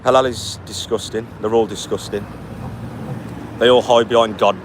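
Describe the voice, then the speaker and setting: A man's voice: lowish voice, steady tone. Tired man, blunt and mocking. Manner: blunt, mocking, quick retorts. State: tired from walking. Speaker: vlogger reading live chat. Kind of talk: casual live-stream chat. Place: outdoors by a street on a walk. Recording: faint street noise behind.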